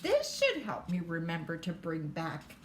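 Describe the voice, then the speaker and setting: A woman voicing a forgetful little boy in a read-aloud storybook, answering in slow, sheepish tones. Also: lowish voice, huge pitch swings, reverberant, slight background noise, voice pushed down.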